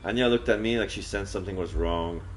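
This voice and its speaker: A man streaming a solo roleplay game, narrating in first person and breaking off with excited, swearing outbursts. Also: low-pitched, fast, a little hiss or hum.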